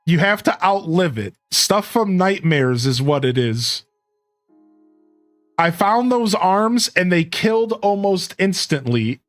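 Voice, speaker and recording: A young man streaming games, chatting excitably, laughing often and reading his chat aloud. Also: sits high, takes it slowly, soft background music. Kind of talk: casual gaming commentary.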